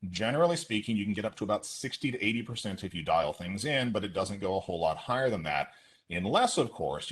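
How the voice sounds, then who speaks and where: A man, an instructor, giving a brisk, explanatory online webinar walkthrough of a teaching simulation with asides, speaking from his desk into a computer mic on a video call. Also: fairly low pitch, breathy edge.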